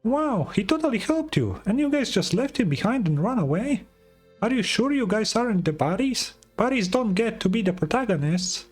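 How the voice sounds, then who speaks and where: A man voicing a chirpy small female fairy companion in a high, squeaky, excitable voice. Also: moderate pace, slightly rough, faint music behind, full character voice. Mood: teasing.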